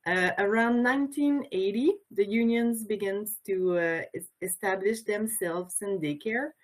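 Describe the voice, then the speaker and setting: A woman's voice: mid-range voice, unhurried. A woman with a Quebec French accent, French being her first language, giving a symposium talk as a childcare educator and union representative over a video call, hesitant with many fillers and restarts. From Quebec, Canada. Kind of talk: symposium presentation. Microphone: video call mic.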